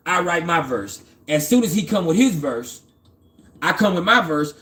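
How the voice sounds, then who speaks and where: A man's voice: on the high side, lively intonation, normal speed, fairly bright tone. Streetwise man telling a profane story. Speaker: astrology channel host. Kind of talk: casual personal storytelling.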